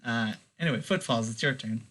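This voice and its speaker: A man running a tabletop game as game master, relaxed and loose, with lots of fillers. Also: mid-range voice, a little fast.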